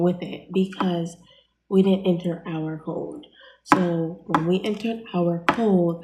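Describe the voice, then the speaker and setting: A young woman vlogger with a lowish voice tells a personal story casually, bluntly, with plenty of fillers and free swearing. The room is echoey and the recording very noisy.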